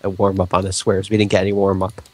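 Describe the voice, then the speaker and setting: A matter-of-fact man chats dryly during a game with friends. His voice sits on the low side, and he talks quickly. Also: monotone, very noisy. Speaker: player. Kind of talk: casual game chat.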